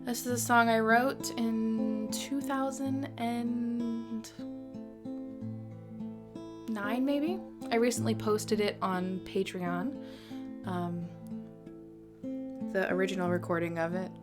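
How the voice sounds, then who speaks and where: A woman's voice: fairly high pitch, steady tone, slow, long pauses. A woman hosting a live music stream, chatting in a bubbly, giggly, rambling way between songs. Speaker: host and singer-songwriter. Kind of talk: casual livestream chat between songs.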